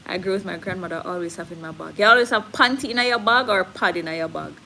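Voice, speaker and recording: Jamaican woman talking on a live stream, lowish voice, candid and chatty, slight hiss. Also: quick pace, vocal fry, pushed and bright, poor audio. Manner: candid, switching into patois, reads viewer comments. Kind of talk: casual live-stream chat.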